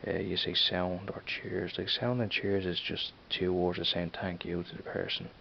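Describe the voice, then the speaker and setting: A man's voice: sits low, little pitch movement, moderate pace, gravelly, dull audio, slight background noise. A man with a Dublin accent chatting casually in a home vlog, rambling and repeating "you know what I mean". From Ireland. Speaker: vlogger. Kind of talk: casual accent tag video.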